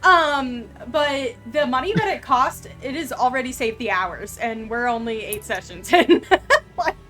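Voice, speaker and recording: Chatty woman game master, slightly high voice. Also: unhurried, soft background music. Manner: chatty, laughs often, narrates scenes with a steady storyteller's read. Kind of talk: narrating a tabletop game on a live stream.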